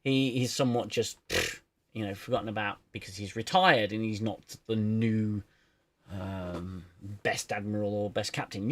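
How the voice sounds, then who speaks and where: Male host, casual stream chat, rambling delivery, lively gravelly voice. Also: on the low side. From United Kingdom. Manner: rambling, with laughs and restarts. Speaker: show reviewer and host.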